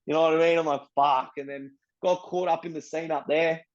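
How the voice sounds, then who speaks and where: A young Australian man telling his story as an interviewee, blunt and profane, full of street slang and animated retellings. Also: fairly high pitch, a little fast, muffled recording. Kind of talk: casual storytelling.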